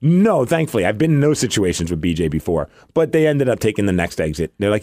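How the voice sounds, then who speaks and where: A man co-hosting a podcast in casual chat, an animated storyteller who acts out the people he quotes. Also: low voice, quick pace, hardly any pauses, no echo. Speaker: podcast co-host.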